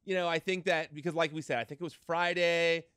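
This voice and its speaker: A man's voice: a little high, fairly even intonation, fairly quick, a bit bright, clear, resonant tone, no room sound, clean studio sound. A man hosting an interview over a video call, chatting casually and filling his sentences with "like" and "you know.". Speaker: podcast host.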